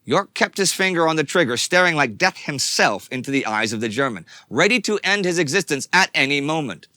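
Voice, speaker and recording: Bright, tense dramatic male narrator. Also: fairly high pitch, big pitch swings, a little fast, no echo. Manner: dramatic storyteller, swings between tense and hushed. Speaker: history show narrator. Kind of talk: scripted documentary narration.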